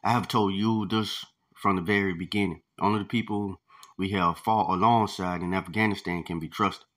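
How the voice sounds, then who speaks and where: A man's voice: low voice, fairly even intonation, normal speed, a bit bright. A man reading aloud, giving voice to a stern, paranoid male cell leader who gives orders.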